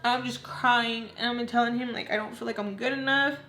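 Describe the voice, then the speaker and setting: A woman's voice: on the high side, fairly even intonation, a little fast, pushed and bright, slight background noise. A young adult woman vlogger telling a personal story in a candid, emotional way, with lots of "like". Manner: candid, heavy use of "like". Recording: roomy echo.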